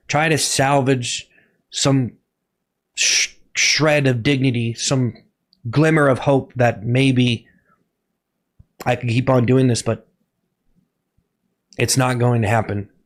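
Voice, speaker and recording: A man delivering a mock-serious live-stream confession, slow and drawn out. He stumbles and repeats himself with put-on drama, and his voice sits in an ordinary middle register. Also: medium pitch. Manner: halting and melodramatic, repeating himself; keeps pleading with chat to be quiet. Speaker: live streamer in a comic persona.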